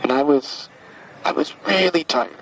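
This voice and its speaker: A man in his sixties from the United States, a spiritual teacher telling a devotional story in a gentle, halting way, often repeating words as he recalls. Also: fairly high pitch, lively intonation, gravelly. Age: 60s. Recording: distant mic with faint background hiss.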